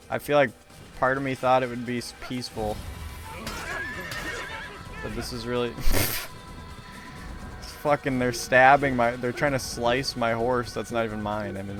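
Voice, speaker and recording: A man's voice: medium pitch, fairly even intonation, unhurried, long pauses, music in the background. A young man streaming a video game, talking in a loose, rambling, profane and self-mocking way to his chat. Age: young adult. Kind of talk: casual rambling commentary while gaming.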